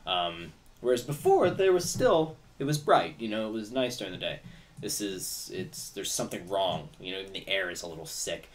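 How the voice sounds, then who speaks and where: A man narrates a tabletop game as its game master in a slightly low voice. He rambles loosely, filling his lines with "like" and "kinda". He sits a little distant from the microphone. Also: very animated, moderate pace. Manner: rambling, many fillers like "like" and "kinda".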